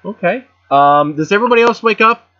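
Bright-voiced man running a game. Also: high-pitched, expressive, fairly quick, lo-fi sound. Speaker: game master. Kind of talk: narrating a tabletop game.

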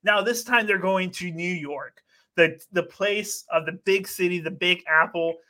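A man co-hosting a casual football betting show, emphatic and animated as he argues his pick. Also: high-pitched, a little slow. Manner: animated, emphatic, trash-talking. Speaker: co-host making picks. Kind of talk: casual sports betting chat.

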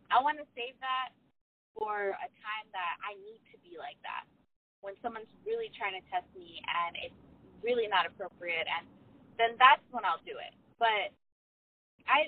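A young woman chatting casually, filling her talk with "like" and telling stories with animated energy. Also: fairly high pitch. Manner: chatty, lots of "like", animated storytelling. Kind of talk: casual chat. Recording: tinny phone-line sound.

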